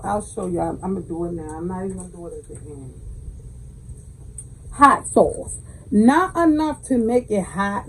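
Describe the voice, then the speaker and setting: A woman's voice: a little high, mellow, a little hiss or hum, low-quality recording. A woman with a Southern American accent hosting a home cooking tutorial in her kitchen, chatting folksily and calling her viewers baby. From Southern United States. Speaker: cooking channel host.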